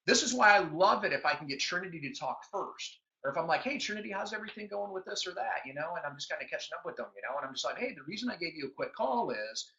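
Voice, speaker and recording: A man's voice: a little high, fast, hardly any pauses. A middle-aged man giving a motivational business training talk, acting out conversations as he tells stories. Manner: animated storyteller acting out conversations. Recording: dull lo-fi sound.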